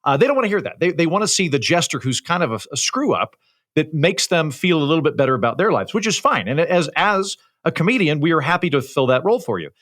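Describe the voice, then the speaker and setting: Bright-voiced man with radio-ready diction. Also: on the high side, sing-song, fast talker. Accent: light Oklahoma American. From Oklahoma, USA. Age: 30s. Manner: formal, authoritative radio-style diction, wry storytelling. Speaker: comedian and podcast guest. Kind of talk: casual chat.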